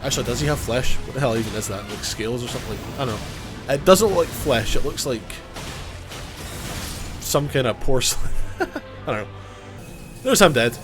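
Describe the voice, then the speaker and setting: A man's voice: mid-range voice, expressive, normal speed, long pauses, over music. A man with a cold, giving casual, joking gameplay commentary, self-mocking and swearing now and then. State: has a cold. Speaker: gaming YouTuber.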